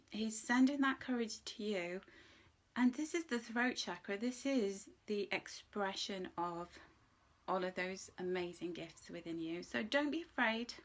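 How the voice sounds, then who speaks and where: A woman giving a live angel card reading, talking in an emotional, gushing way and close to tears. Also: mid-range voice. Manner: emotional, gushing, tearful at times. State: tearful.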